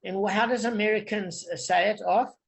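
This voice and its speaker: A man's voice: high voice, fairly even intonation, fairly quick, gravelly. A man from Africa, leading an online Talmud study group and explaining patiently, often checking that everyone follows. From South Africa.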